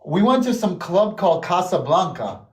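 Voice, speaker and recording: American guy with a pretty high voice, chatty and animated, telling stories and doing quotes, echoey room. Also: normal speed, recorded from a distance, crowd noise. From United States. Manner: animated, acts out other people's lines in quotes. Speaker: guest. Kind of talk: casual storytelling.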